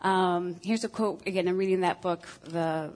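A woman's voice: lowish voice, fairly even intonation, normal speed, a little mellow, poor audio. Frank self-mocking woman talking about marriage. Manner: frank, self-deprecating, with many ums and uhs. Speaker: speaker on marriage. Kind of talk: candid talk to a group of women.

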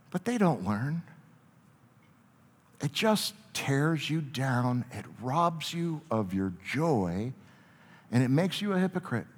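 Earnest pastor in a big echoing hall. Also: male voice, a little high. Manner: earnest, swings from soft reflection to forceful emphasis. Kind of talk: sermon. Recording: long reverb of a large hall.

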